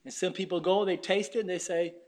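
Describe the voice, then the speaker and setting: A man preaching a sermon, shouting one moment and dropping to a hush the next, acting out short quotes of God and Satan. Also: high voice, steady tone, fairly quick. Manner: swings from shouting to hushed tones; voices God and Satan in little acted quotes.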